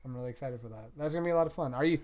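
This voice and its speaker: A man's voice: medium pitch, rapid-fire, darkish tone, slight background noise. Young male podcast host, upbeat and slangy, casual chat.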